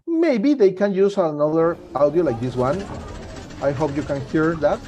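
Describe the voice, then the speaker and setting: Higher-voiced man presenting a security webinar. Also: animated, mellow, a little hiss or hum. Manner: halting, repeats and restarts words. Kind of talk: live webinar talk.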